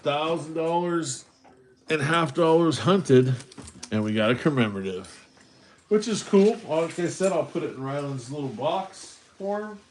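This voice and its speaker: A man's voice: on the high side, expressive, a little slow, a little hiss or hum. A man from Los Angeles, host of a coin roll hunting livestream, casually telling a rambling story and answering chat, restarting his sentences as he goes.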